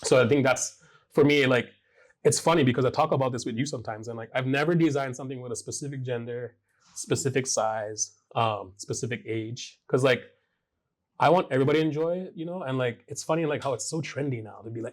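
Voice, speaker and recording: A man from Hawaii, a fashion designer, chatting casually on a panel and telling animated stories with lots of fillers. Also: mid-range voice, fast. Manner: animated storytelling, many fillers.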